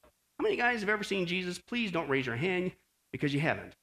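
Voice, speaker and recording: Fairly quick and pitched high, a man preaches a sermon as pastor with plenty of animation. He repeatedly asks the congregation questions, adding friendly "okay?" asides along the way.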